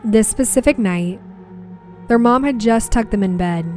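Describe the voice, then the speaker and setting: A young woman narrating a personal ghost story from her family in an earnest, steady way. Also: fairly high pitch, unhurried, soft background music.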